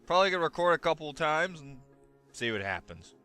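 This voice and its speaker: A man's voice: fairly high pitch, very animated, fast, pushed and bright, clear, resonant tone, soft background music. A young man doing goofy, exclamatory let's play commentary on a close mic. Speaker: gaming YouTuber.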